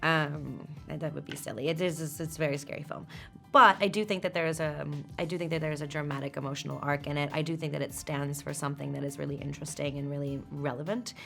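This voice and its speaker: A woman actress answering junket questions, halting and self-deprecating with frequent laughs. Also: low-pitched, fairly even intonation, creaky, a bit bright, faint music behind. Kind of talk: press junket interview.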